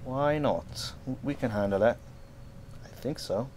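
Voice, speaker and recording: A man casually commenting on his gameplay, swearing and excitedly talking back to the characters on screen. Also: medium pitch, a little slow, noisy background. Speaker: gamer playing through a game. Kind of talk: casual let's-play commentary.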